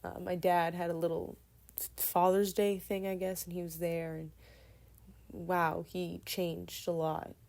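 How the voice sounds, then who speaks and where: A woman in her twenties telling a personal story casually, in a meandering, soft-spoken way. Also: on the low side, level tone, unhurried, gravelly.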